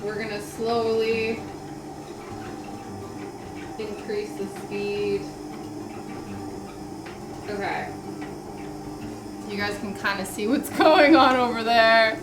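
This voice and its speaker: A woman's voice: on the high side, fairly even intonation, slow pace, long pauses, noisy background. A young woman chatting casually and giggling as she bakes in her home kitchen, rambling through asides. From Canada. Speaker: baking vlogger. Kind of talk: casual chat while baking. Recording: echoey room with background music. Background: background music.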